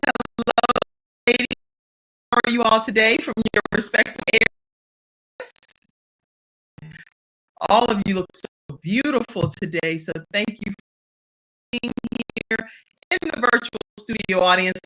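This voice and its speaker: A woman from Virginia hosting a virtual talk show, chatty and animated, speaking straight to her audience. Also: on the high side, slow, pauses often, a little hiss or hum.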